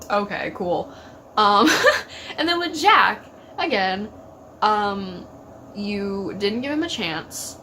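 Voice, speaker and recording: A woman with a fairly high voice rambles through a casual solo chat, frustrated and animated, trailing into fillers and small laughs. A constant background noise sits under the recording. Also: poor audio. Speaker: YouTube TV reaction host.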